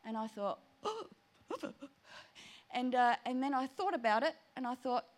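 A woman telling a personal prayer story in an animated, chatty sermon. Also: on the high side, fairly quick. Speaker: preacher.

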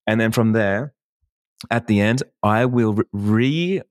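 A man with a lowish voice hosts a relaxed coaching chat, lively and playful as he acts out client conversations. He laughs easily and keeps things loose. The sound is dry and close, with no room around it. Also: dry recording. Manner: animated, acts out client dialogue, laughs often. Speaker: wedding photographer and business coach. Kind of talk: casual workshop chat.

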